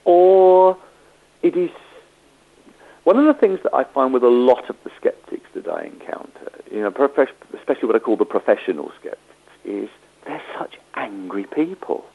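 A man's voice: medium pitch, lively intonation, moderate pace, creaky, phone-quality sound. A man, a medium, telling stories in an interview and acting out the people he quotes. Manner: anecdotal, acts out quoted voices. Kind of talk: storytelling interview.

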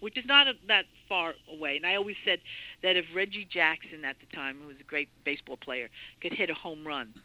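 A woman guest telling a story in an interview, excitable and full of restarts and repeated words. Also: low-pitched, a little fast, no room sound, poor audio.

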